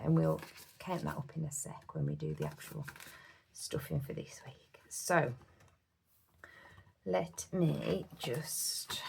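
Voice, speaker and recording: A woman's voice: on the low side, creaky, a little mellow. A woman from the UK chatting casually to her viewers about her budget at home, heartfelt and full of fillers. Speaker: budgeting vlogger. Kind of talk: casual chat to camera.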